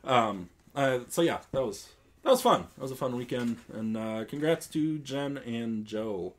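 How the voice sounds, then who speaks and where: Casting: young adult male podcast host, loose and rambling, a beer in hand, mid-pitched. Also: animated, a little slow. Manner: rambling, many ums, laughs often. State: drinking beer. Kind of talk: casual chat.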